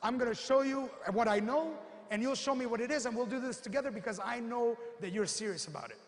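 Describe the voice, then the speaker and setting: A man playing a smug, self-styled professional salesman who speaks quietly and persuasively. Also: very high-pitched, fast, big-room sound.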